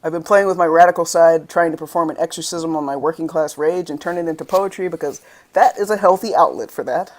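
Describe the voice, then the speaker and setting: Poet, from the United States, spoken word reading, rhythmic, impassioned, angry emphasis, mid pitch. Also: fast. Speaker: guest poet.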